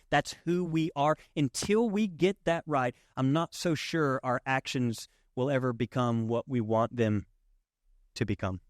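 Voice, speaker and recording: The recording is studio quality with no echo, carrying a man's slightly high voice. He preaches as pastor in a church sanctuary, conversational and emphatic, asking the congregation rhetorical questions.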